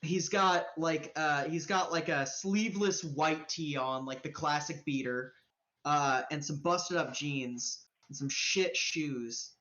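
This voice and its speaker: A woman game master narrates a live-streamed tabletop game in a loose, profane, rambling way. She speaks slowly in a lowish voice, and the stream audio sounds dull and lo-fi. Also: fairly bright tone. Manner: casual, profane, rambling with fillers.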